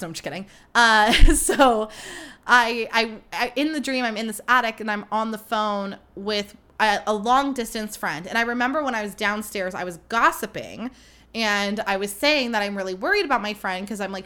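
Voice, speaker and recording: Young woman rambling on her podcast, bright clear voice, casual and kinda sweary. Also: mid-range voice, normal speed. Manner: chatty, swearing, lots of fillers and "like". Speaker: podcast host. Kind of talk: casual chat.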